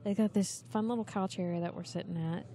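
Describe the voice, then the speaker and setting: A woman's voice: mid-range voice, steady tone, quick pace, dark tone. A woman hosting a podcast quiz, chatting casually and laughing easily from a couch in a busy venue. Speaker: podcast host running a movie quiz. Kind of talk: casual chat.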